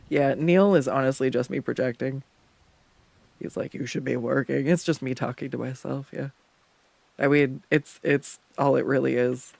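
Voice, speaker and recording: A man's voice: medium pitch, fairly even intonation, a little slow, gravelly, pauses often, a little mellow, no echo. A man streaming his drawing work, chatting casually, laughing often and joking about himself. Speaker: art streamer. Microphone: desktop USB condenser mic.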